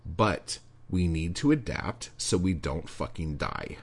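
Ranting, profane man with a low voice. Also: expressive, slow, breathy edge. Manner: angry, profane, swings from low muttering to shouting. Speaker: podcast host.

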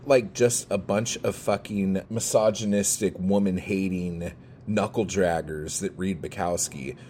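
A man's voice: lowish voice, darkish tone, slight background noise. A man ranting heatedly to camera, swearing constantly and pushing his points with emphatic bursts. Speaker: poet and video creator.

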